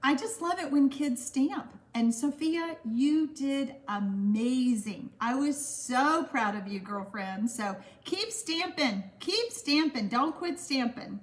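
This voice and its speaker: A woman's voice: high-pitched, expressive, slow, hardly any pauses. A woman hosting a stamping craft livestream, chatting casually and giggling as she reads viewer comments.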